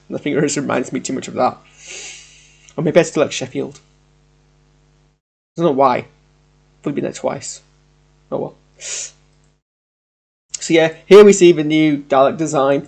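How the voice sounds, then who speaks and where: A man's voice: medium pitch, creaky, a little mellow. A young man with a West Yorkshire accent giving a rambling, hesitant live reaction to a trailer, stammering and repeating himself. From Yorkshire, England. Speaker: YouTube reviewer.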